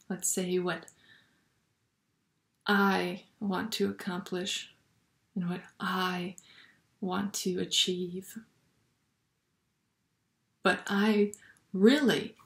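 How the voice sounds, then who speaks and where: Speaking at an unhurried, reflective pace, this woman, a Catholic video blogger, shares spiritual thoughts in a mid-range voice. At moments she softens nearly to a whisper, and a noticeable echo from the room fills the recording.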